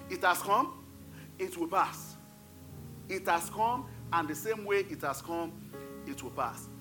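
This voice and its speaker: A man's voice: high voice, pushed and bright. A middle-aged male pastor preaching a sermon, emphatic and repeating his key phrases. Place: church.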